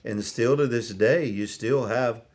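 A man pastor interviewing a fellow pastor in a church message, asking gentle, sympathetic questions. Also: medium pitch, a little slow.

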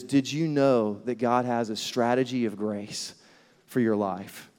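A man in his thirties preaching, telling a funny family story and laughing at himself. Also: on the high side. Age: 30s. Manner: lively storyteller, laughs at himself, acts out quotes. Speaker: pastor. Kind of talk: sermon with humorous personal story. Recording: long reverb of a large hall.

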